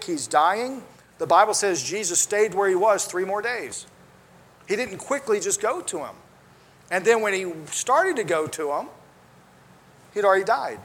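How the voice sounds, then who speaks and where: A man's voice: high-pitched, fairly bright tone. A man preaching a sermon, earnest and conversational, with restarts and asides, quoting scripture in old-style wording.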